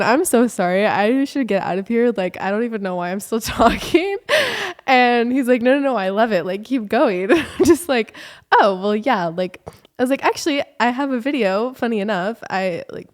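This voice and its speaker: A young woman from California, telling a rambling story in a casual vlog, animated and full of fillers. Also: mid-range voice. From Southern California. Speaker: vlogger.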